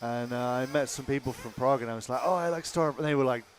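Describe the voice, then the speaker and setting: A man co-commentating a race, chatting casually with relaxed, quick interjections. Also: mid-range voice, slight background noise. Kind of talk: casual chat between race calls.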